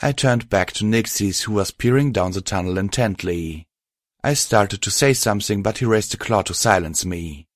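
A man narrating a story aloud in a steady, even storytelling manner. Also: lowish voice, normal speed, no echo, clean studio sound. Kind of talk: scripted audiobook narration.

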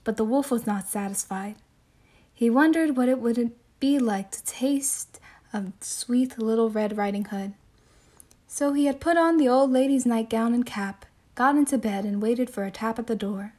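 A woman telling a classic fairy tale as a soothing bedtime story, with gentle, measured narration. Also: fairly high pitch.

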